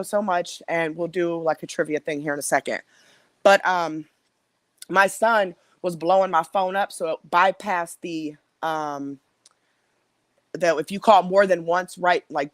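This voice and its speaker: A woman's voice: fairly low pitch, no room sound. A middle-aged woman, hosting a livestream in a casual, rambling way with plenty of fillers and restarts. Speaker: livestream host.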